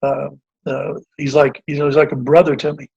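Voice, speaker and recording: A man in his forties, a basketball coach, tells a long story in an earnest, rambling way, full of fillers and restarts. His voice sits fairly high and sounds husky. The recording is dull and lo-fi. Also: flat delivery, fairly quick, darkish tone. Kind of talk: casual interview storytelling. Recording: dull lo-fi audio.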